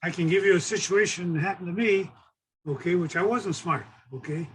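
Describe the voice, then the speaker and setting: A man's voice: high-pitched, a little fast, a bit bright, a little hiss or hum, rough recording. An older man, a former coach, tells a coaching story in a conversation and keeps checking in with "okay". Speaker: former assistant coach, guest.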